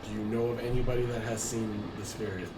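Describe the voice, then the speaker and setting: A man's voice: lowish voice, little pitch movement, fast talker, roomy sound, very noisy. A man playing in a tabletop game, asking blunt questions and bantering, with music in the background. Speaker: player.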